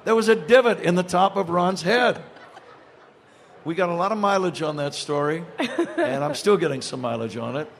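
Older man telling a funny story, high-voiced. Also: animated, normal speed, creaky, a little hiss or hum. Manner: amused, laughing through his tale. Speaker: guest. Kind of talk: storytelling anecdotes.

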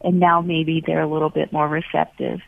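Woman, teacher, gentle and earnest, lowish voice, dry phone-line sound. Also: flat delivery, vocal fry, no room sound. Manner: gentle, earnest, many fillers and pauses. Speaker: ministry teacher. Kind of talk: reflective talk.

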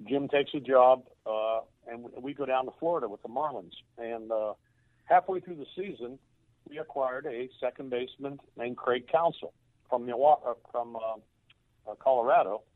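Heard through a tinny phone line in a dry recording, an older ex-baseball coach relates a touching personal story. His mid-range voice breaks into halting repetition as he is moved to tears.

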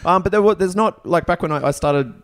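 A man's voice: sits high, a little fast. A man in casual podcast chat, telling a story with lots of laughter. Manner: animated storytelling, laughs often. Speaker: comedian podcast guest.

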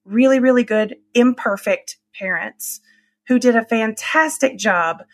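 A woman's voice: a little high, measured pace. A middle-aged woman hosting a faith-based podcast, talking in an emphatic, affirming way. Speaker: podcast host.

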